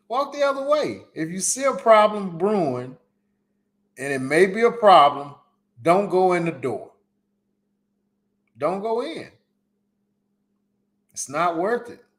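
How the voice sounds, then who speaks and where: A man's voice: high voice, expressive, slow, long pauses, fairly bright tone. A man hosting a solo live podcast, giving emphatic, repetitive advice in casual slang. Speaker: podcast host. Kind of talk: solo live-stream commentary.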